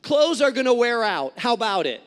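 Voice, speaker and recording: A man preaching a sermon as a pastor, telling stories in an animated way and acting out the voices of people in them. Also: very high-pitched, fairly quick, long reverb tail. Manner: animated storytelling with acted-out quotes. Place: church sanctuary.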